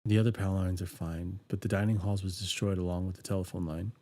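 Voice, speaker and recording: A man reading the lines of a serious young village woman in a horror visual novel, speaking quietly and gravely. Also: deep voice, level tone, fast talker, dry recording, natural voice.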